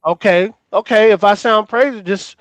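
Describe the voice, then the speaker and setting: A man's voice: high-pitched, moderate pace, a bit bright, dry recording. A man arguing hotly on a call-in panel, fired up and profane, talking over the others on a remote call. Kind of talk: heated call-in panel debate.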